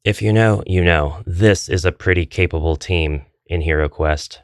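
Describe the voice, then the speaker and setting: A man's voice: low voice, moderate pace, no echo, clean studio sound. A middle-aged man chatting casually through a board game quest, joking with dad jokes as he goes. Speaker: board game channel host.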